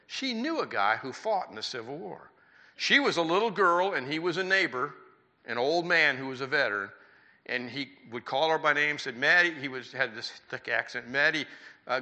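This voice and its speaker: A man's voice: fairly high pitch, sharp tone. An older man in his sixties preaching a sermon in church, folksy and conversational, with rhetorical questions to the congregation. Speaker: pastor.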